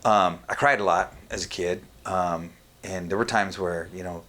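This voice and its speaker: A young man speaking frankly and profanely on a casual podcast, halting often with fillers and restarts. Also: low voice, fairly even intonation, fairly bright tone.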